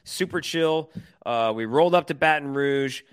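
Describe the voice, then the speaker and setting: A man from Detroit, podcast co-host, telling an excited, rambling story in casual chat with lots of fillers. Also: fairly high pitch, moderate pace, smooth, no room sound.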